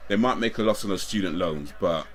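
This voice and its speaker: A young man streaming live, chatting in a relaxed, rambling way with chuckling asides. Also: deep voice, a little fast. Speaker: livestreamer. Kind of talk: casual live watch-along chat.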